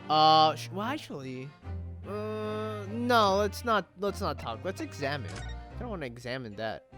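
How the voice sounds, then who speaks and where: A man's voice: sits high, sing-song, unhurried, a bit bright, faint music behind. A man hosting a casual video game playthrough, rambling, joking and swearing in asides. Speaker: let's-play host. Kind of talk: casual gameplay commentary.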